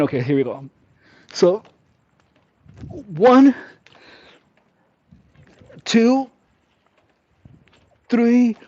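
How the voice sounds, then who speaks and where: A man's voice: high voice, expressive, takes it slowly, long pauses, a little mellow. A man vlogging his workout, counting reps aloud while straining and joking in a sarcastic, mock-girly persona. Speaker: fitness vlogger. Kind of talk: casual workout chatter. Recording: dull lo-fi sound.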